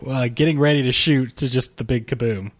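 A man's voice: mid-range voice, steady tone, fairly quick, no echo. A man co-hosting a podcast, musing about a film in laid-back, self-deprecating chat. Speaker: podcast co-host. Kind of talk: casual film commentary chat.

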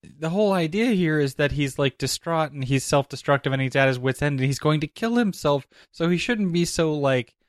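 A man's voice: a little high, animated, no room sound, clean studio sound. A man co-hosting a podcast, joking around and talking about a film with lots of "like". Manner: quick, joking, uses like often. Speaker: podcast co-host. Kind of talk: casual film discussion.

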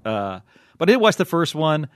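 A man's voice: fairly high pitch, sing-song, normal speed, a bit bright, no room sound, studio quality. A man hosting a podcast in casual chat, rambling and joking with many restarts. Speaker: podcast host.

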